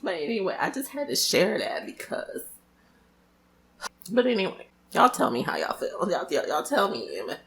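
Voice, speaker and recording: A young woman talking straight to her viewers in casual storytelling, her voice gravelly and swinging up and down a lot. She is loud and expressive, swears freely and drags out her exclamations. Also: medium pitch, normal speed. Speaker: vlogger.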